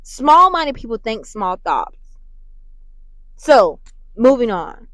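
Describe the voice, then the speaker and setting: Woman, motivational faith host, animated and preachy, higher voice, dead-dry close mic. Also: slow pace, dry recording, low-quality recording. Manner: animated, preachy, often apologizes and laughs. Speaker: podcast host and mentor. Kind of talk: faith-based motivational talk.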